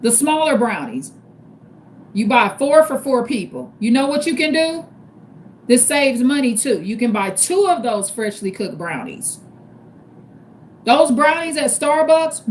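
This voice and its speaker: A woman's voice: high voice, slight background noise. A woman hosting a live stream, giving casual advice in a repetitive, emphatic way that spells each point out step by step. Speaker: livestream host.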